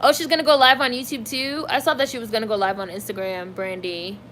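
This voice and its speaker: A woman's voice: a little high, quick pace, slight background noise. Chatty woman gossiping on a livestream. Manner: chatty, animated, heavy use of "like". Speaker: livestream host reading chat. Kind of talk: casual celebrity gossip chat.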